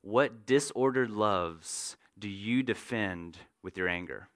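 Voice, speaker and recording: A man's voice: lowish voice, slow. A man preaching a sermon as pastor, earnest and direct, sometimes acting out everyday moments to make a point.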